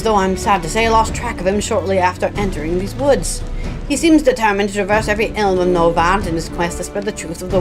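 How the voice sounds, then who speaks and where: A woman's voice: mid-range voice, voice pushed down, natural voice, rough recording. A woman reading as an earnest young male scholar. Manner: earnest, formal and deliberate. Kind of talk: reading game dialogue aloud on stream.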